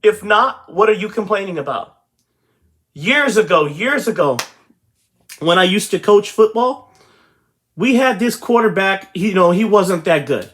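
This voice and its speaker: A man's voice: high voice, lively intonation, measured pace, long pauses, a bit bright. A man hosting a real estate channel, giving a motivational talk to his viewers and repeating his points emphatically. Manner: repetitive, emphatic, addresses viewers directly.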